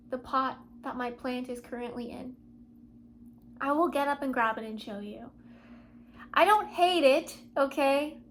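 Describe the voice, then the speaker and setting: A young woman talking to camera from her home in a dreamy, soul-searching confessional, swinging from hushed asides to excited outbursts. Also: high voice, a little hiss or hum. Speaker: vlogger. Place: at home, seated.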